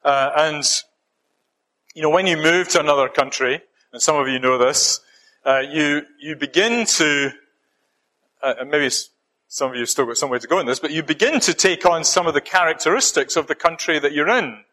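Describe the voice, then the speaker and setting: A middle-aged man with a Scottish accent preaching a sermon, gentle and halting, with many fillers and restarts. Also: a little high, poor audio.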